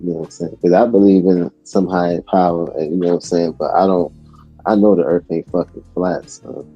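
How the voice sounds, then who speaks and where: A man with a low, mellow voice chats easily as a guest on a stream, often agreeing and leaning on filler phrases. Faint music and keyboard typing sit behind him. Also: a little fast, breathy edge, muffled recording. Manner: relaxed, agreeable, many fillers. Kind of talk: casual stream chat.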